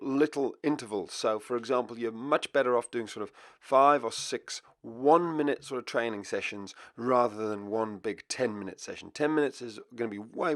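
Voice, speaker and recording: A man, a dog trainer, calmly talking viewers through a puppy training lesson. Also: medium pitch, no room sound, studio quality. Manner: relaxed explanatory teaching. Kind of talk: instructional video narration. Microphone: voice-over for part.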